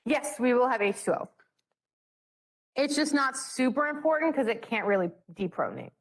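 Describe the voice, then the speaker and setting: A woman's voice: high-pitched, expressive, normal speed. Bubbly young woman teaching chemistry. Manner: bubbly, joking, self-mocking. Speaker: chemistry study session leader. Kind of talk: classroom teaching.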